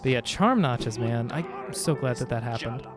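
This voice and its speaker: Faint game music plays behind a man who chats casually with his viewers as he plays a video game, joking and reading the game's dialogue aloud. He speaks at normal speed with a medium pitch and lively intonation.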